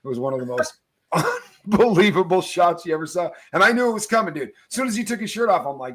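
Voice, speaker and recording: A middle-aged man who tells stories with lively energy and laughs through his sentences. His voice sits fairly high for a man, and he talks in loose slang as a show host. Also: fast talker, husky. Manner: animated storyteller, laughs mid-sentence, slangy. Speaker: podcast host. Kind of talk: casual storytelling chat.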